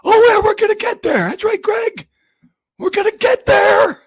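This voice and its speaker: A man's voice: expressive, normal speed. A man voicing a doddering old grandfather who is hard of hearing and calls out questions at a press conference. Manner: high, quavering, hard-of-hearing shouting.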